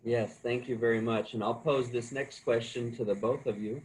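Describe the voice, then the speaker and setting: Polite guy running a panel q&a, mid pitch, bit hesitant. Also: fairly even intonation, moderate pace, darkish tone, poor audio. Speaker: moderator. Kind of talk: moderating a conference panel.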